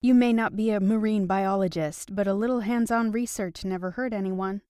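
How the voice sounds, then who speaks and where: A woman's voice: mid-range voice, fairly even intonation, normal speed, a little mellow, clean tone, no echo, studio quality, natural voice. A woman voicing a playful, teasing young woman in a romance audiobook.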